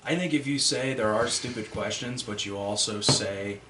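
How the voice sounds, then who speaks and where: A man co-hosting a podcast, telling stories in relaxed casual chat. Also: on the low side, normal speed, echoey room, very noisy. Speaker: podcast co-host and editor.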